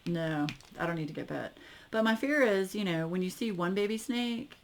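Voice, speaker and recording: A woman chatting casually to her viewers as a crafting YouTuber, animated and wry, with lots of fillers. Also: mid-range voice, moderate pace, slight background noise. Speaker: diamond painting YouTuber.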